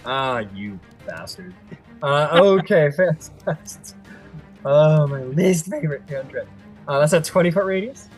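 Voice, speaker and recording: A man's voice: a little high, animated, a little slow, soft background music. A man running a tabletop game as game master, narrating in a chatty, playful way.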